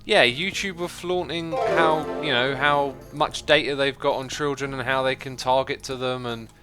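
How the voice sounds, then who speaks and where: A man's voice: mid-range voice, steady tone, moderate pace, over music. A man casually chatting with viewers on a livestream as he plays, reading chat messages aloud and thinking aloud with frequent fillers and restarts.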